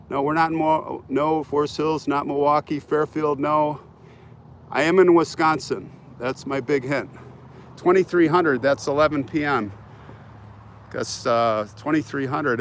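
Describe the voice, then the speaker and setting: A man's voice: mid-range voice, slight background noise. A middle-aged man hosting a live cemetery walk outdoors, reading chat guesses aloud and teasing viewers with hot and cold hints. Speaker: channel host.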